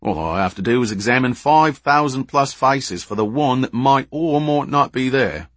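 A man's voice: mid-range voice, expressive, moderate pace, fairly bright tone, dry recording, voice pushed up. A man voicing a precise, fretful British spy and photographer in an audiobook. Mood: worried.

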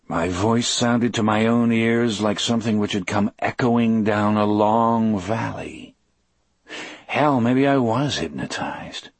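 A man narrating a first-person audiobook in a measured, expressive storytelling voice. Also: lowish voice, no room sound.

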